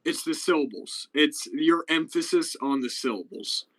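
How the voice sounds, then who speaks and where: A man's voice: fairly high pitch, normal speed, fairly bright tone, low-quality recording. A young man hosting a casual live stream chat, explaining things with lots of fillers and restarts. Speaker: podcast host.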